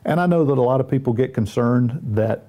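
A man's voice: medium pitch, fast, warm tone. Southern man telling folksy church stories. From Southern United States. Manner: folksy storytelling with self-deprecating humor. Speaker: minister. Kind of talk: Christian talk show conversation.

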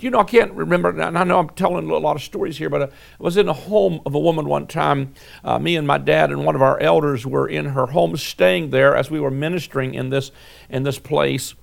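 A man's voice: a little high, fairly even intonation, brisk, gravelly. A male pastor preaching a sermon, reading scripture and telling folksy personal stories with many fillers and restarts.

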